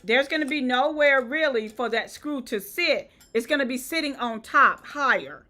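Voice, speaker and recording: Southern lady doing a live how-to, high bright voice, keeps asking okay?. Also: animated, moderate pace. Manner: step-by-step instructive, checks in with "okay?". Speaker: event decor host. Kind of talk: live-stream how-to demo.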